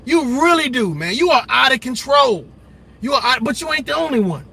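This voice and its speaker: A man rants on a livestream, preachy and repeating phrases for emphasis. His voice sits high and bright with a husky edge. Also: sing-song, brisk. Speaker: commentary host. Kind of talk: livestream commentary rant.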